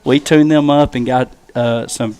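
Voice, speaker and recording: A man's voice: medium pitch, steady tone, measured pace, a little mellow, clean tone. A man hosting a school sports preview show, joking and rambling with plenty of fillers. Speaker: show host. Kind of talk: casual chat.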